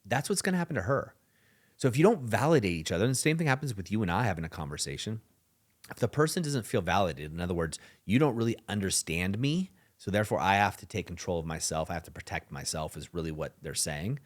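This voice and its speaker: A man's voice: deep voice, lively intonation, fast talker. A man hosting a podcast who gives relationship advice in a conversational, emphatic monologue. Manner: conversational and emphatic, acts out dialogues. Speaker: relationship coach and podcast host.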